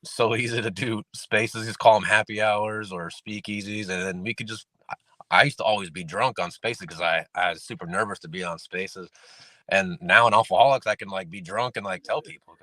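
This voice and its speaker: Deep, bright-voiced rambling male guest. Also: fairly quick, no echo. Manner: rambling, lots of "you know" fillers. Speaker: podcast guest. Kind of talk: casual podcast chat.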